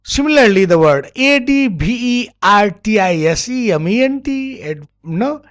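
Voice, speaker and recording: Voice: medium pitch, expressive, unhurried. Nepali-accented teacher drilling English words. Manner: spells words letter by letter and repeats them many times, correcting itself. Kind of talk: classroom English lesson.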